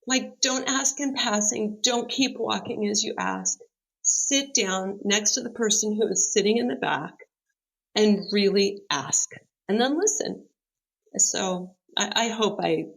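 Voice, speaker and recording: A woman's voice: medium pitch, low-quality recording. A middle-aged woman, a podcast guest, telling a heartfelt personal story in an earnest, open way that livens up as she retells it.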